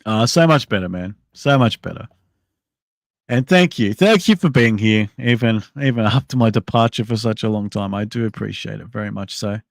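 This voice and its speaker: A man's voice: fairly low pitch, normal speed, gravelly, no echo. A man hosting a casual livestream, thinking aloud in a rambling way with many restarts and answering chat messages. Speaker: livestream host.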